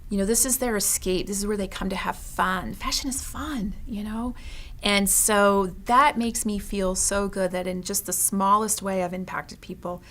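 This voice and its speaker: A woman's voice: mid-range voice, steady tone, normal speed, fairly bright tone. A woman who owns a consignment store, speaking as an interview guest in an earnest, heartfelt way and often tagging her sentences with "you know" and "right".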